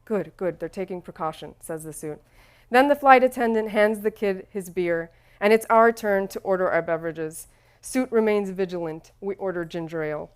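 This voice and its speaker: Woman, first-person audiobook narration, wry, self-deprecating, smooth clear voice, mid pitch. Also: moderate pace.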